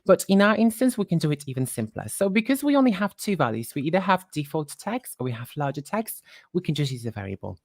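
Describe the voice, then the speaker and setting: A woman presenting a live software tutorial, talking while she clicks through screens and quickly corrects her own slips. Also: low-pitched, very animated, no echo, clean studio sound.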